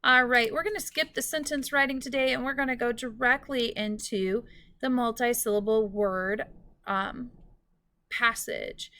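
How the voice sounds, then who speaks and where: A woman teacher giving a recorded phonics lesson, speaking slowly and clearly and stretching out words for students. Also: fairly high pitch, steady tone, bright, forceful tone.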